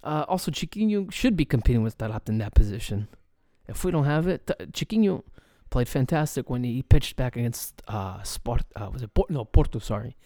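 A soccer podcast host goes on a heated solo fan rant, cursing often and stumbling through fillers and restarts. At medium pitch he talks fairly quickly with hardly any pauses, and the sound is clean studio audio without echo.

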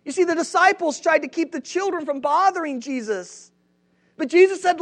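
A man's voice: extremely high pitch, moderate pace, fairly bright tone. Conversational male pastor preaching. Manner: conversational, asks the congregation questions. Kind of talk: sermon. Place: church.

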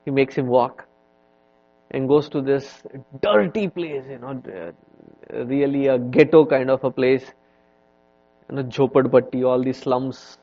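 A man, a swami, lectures on scripture at a very slow, easy pace, drifting into stories. His talk is conversational and full of "you know" fillers, at a middle pitch. The recording sounds dull and lo-fi. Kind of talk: spiritual lecture with storytelling.

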